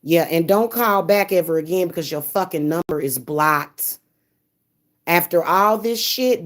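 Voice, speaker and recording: A young woman with a somewhat low-pitched voice vents on camera in a heated, profane monologue. She curses freely and stumbles into repeated words as her temper flares. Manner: heated, cursing, repeats herself when upset. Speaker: spiritual reader and vlogger. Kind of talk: angry, profane venting monologue.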